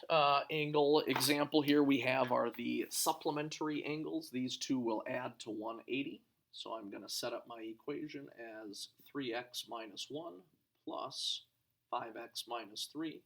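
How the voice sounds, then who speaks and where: A man with a gravelly edge to his mid-range voice walks through a math lesson. He talks through each step out loud and works the sums as he goes. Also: medium pitch. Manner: talks through steps aloud, thinking as he goes. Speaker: math teacher.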